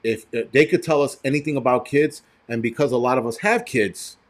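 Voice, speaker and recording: An American man with an ordinary mid-range pitch hosts a casual live stream for his prepper channel. He rambles loosely while addressing viewers directly, speaking bluntly and swearing readily.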